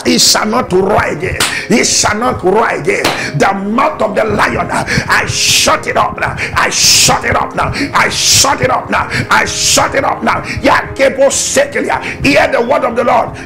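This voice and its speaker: A man preaching a fervent prayer sermon, shouting repeated declarations and breaking into tongues. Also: sits high, vocal fry. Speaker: pastor.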